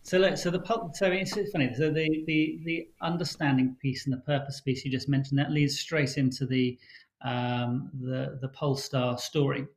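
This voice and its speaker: A man speaking as a guest author in a livestream interview, telling his stories in a brisk, animated way. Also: mid-range voice, poor audio.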